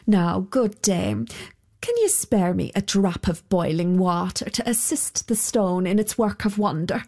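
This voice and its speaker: A woman voicing a sly, smooth-talking soldier who wheedles and flatters. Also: medium pitch, measured pace. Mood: wheedling.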